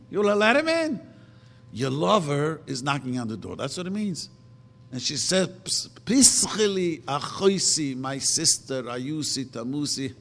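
A man preaches in a fairly high voice that leaps up and down with feeling. He presses his points with rhetorical questions and slows down to chant the verses. His voice rings out in a hall with a long reverb. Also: vocal fry, a bit bright. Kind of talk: sermon.

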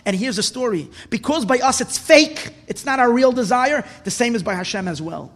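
A man giving an impassioned sermon as a religious teacher, repeating words for emphasis and swelling toward shouts. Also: very high voice, expressive, normal speed. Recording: long reverb in a hall.

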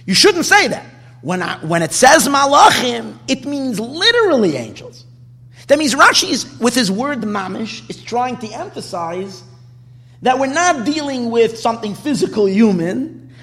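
Animated man teaching in a reverberant hall. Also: very high voice, a little slow. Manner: animated, questioning, restarts often. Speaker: rabbi teaching Torah. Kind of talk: Torah class lecture.

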